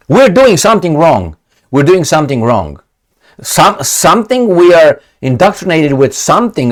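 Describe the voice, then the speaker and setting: A man delivers opinionated commentary straight to camera, his pitch leaping up and down with lively, animated swings. He rambles and sounds exasperated, stumbling through hesitations and restarts. His phrasing is that of a non-native speaker. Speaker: commentary vlogger.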